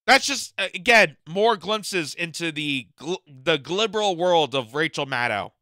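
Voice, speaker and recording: Canadian-raised male commentary host, smooth and clear voice, sharp mocking delivery. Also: fairly high pitch, animated, unhurried, no echo. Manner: mocking and exasperated, laughs at his own jokes. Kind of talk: opinion commentary on video.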